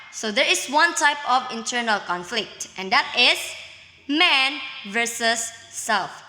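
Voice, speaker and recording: A woman teacher talks her class through a lesson at an unhurried, deliberate pace, her voice bright and a little high. She explains step by step and keeps checking in with "okay?". The room is echoey, with a long reverb trailing behind her words.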